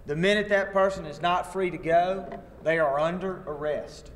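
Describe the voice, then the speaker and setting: A man's voice: high-pitched, moderate pace. A man, a lawyer teaching a training seminar in a wry, anecdotal way. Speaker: attorney and workshop instructor. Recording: long hall reverb.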